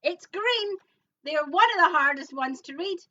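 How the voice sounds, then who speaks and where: A woman's voice: high-pitched, lively intonation, moderate pace, sharp tone. A woman co-hosting a casual live stream, giggly and teasing, repeating her own jokes. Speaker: co-host. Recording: distant, dull lo-fi sound.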